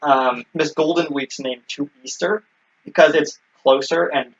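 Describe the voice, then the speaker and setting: A man's voice: a little high, fairly even intonation, unhurried. A man co-hosting a casual recap chat, explaining things with many ums and restarts. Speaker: podcast co-host. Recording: dull lo-fi recording.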